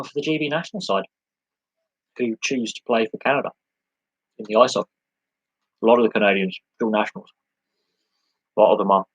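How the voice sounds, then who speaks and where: A man's voice: medium pitch, a bit bright, dry recording, muffled recording. A man hosting a live sports podcast Q&A, talking in a rambling, conversational way with many restarts and long lists. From United Kingdom.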